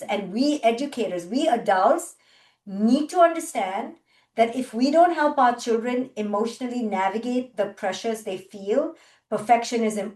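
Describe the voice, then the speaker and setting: Passionate high-voiced woman speaker, echoey and distant. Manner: passionate, emphatic, repeats key words. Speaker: clinical psychologist and guest speaker. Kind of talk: motivational public talk. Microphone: video call.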